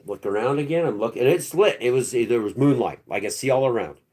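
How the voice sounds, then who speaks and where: A man's voice: mid-range voice, lively intonation, fast, a little mellow, husky. A man hosting his own channel, telling a first-person story in a rambling, slangy way with restarts and swearing. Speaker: channel host.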